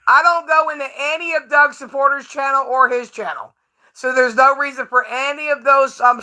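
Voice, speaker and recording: Brash, profane high-voiced woman streamer. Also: sharp tone. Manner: laughs often while talking. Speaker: livestreamer. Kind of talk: casual livestream talk to chat.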